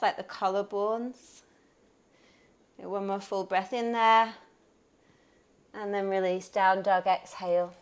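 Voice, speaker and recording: Yoga teacher, woman, smooth clear voice, calm upbeat pose-and-breath cues. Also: mid-range voice. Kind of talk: guided yoga class instruction.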